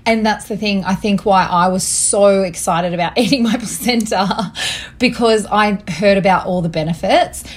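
A woman's voice: mid-range voice, moderate pace. A young Australian woman hosting a parenting podcast, chatting candidly and laughing often. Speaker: podcast host. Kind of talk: casual podcast chat.

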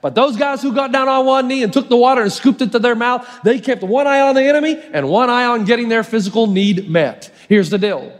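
High-voiced pastor preaching in an echoing hall. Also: male voice, fairly quick, few pauses. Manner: lively storytelling with jokes and acted-out voices. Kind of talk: sermon.

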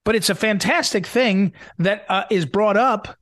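A man's voice: high voice, unhurried, a bit bright, dry recording, studio quality. A man hosting a political talk show, talking animatedly and emphatically with many fillers and restarts. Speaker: host.

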